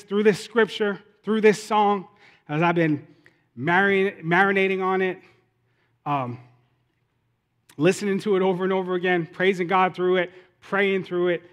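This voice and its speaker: A man's voice: sits high, a bit bright. A man preaching a sermon as pastor, talking in a conversational way that builds into impassioned preaching. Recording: long hall reverb.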